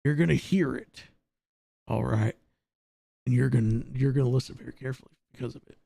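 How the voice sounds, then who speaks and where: Whispered role-play: a man doing a hushed, menacing wrestler with a low, drawn-out voice and no raised volume. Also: creaky, dry recording. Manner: low, slow, drawn-out hush.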